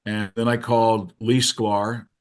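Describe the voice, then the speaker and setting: Guy telling a story in an interview, lowish voice, animated. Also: unhurried. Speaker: interview guest, keyboard musician. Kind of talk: casual storytelling.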